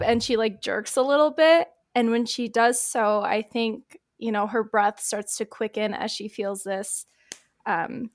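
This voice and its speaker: A woman playing a tabletop role-playing game who describes her character's actions in a rambling way, full of fillers. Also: fairly high pitch. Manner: rambling, lots of fillers like "like" and "I think". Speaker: player.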